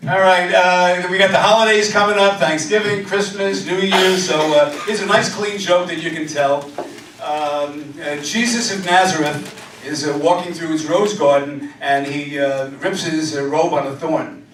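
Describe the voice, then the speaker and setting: A man's voice: on the high side, fairly even intonation, normal speed, fairly bright tone, a little hiss or hum. A man doing a stand-up comedy set, telling jokes and slipping into character voices. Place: deli comedy venue with live audience. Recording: very echoey room, mic far off.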